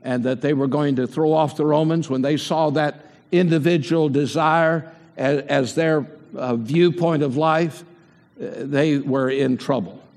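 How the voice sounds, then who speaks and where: A man's voice: fairly high pitch, steady tone, a little slow, a little mellow. An older man preaching a sermon and putting rhetorical questions to the congregation. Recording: long hall reverb.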